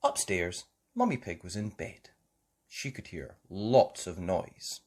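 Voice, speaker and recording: A woman reading a children's storybook aloud, very expressive. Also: rumbling low, husky. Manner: very expressive, slow, lilting. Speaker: story reader.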